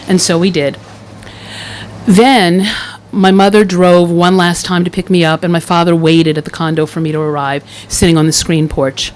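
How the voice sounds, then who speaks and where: A middle-aged woman from the Philadelphia area tells a personal story live on an event stage. Her voice sits fairly low, and she is wry and warm, with laughing asides. There is a faint hum of room ambience behind her. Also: level tone, normal speed, rough recording. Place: event stage in front of an audience.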